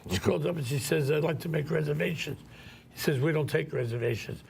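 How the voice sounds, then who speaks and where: Gravelly New host, direct storyteller, faint noise. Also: male voice, on the high side, fairly quick. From New York. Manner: streetwise storyteller, plain and direct. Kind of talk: casual chat.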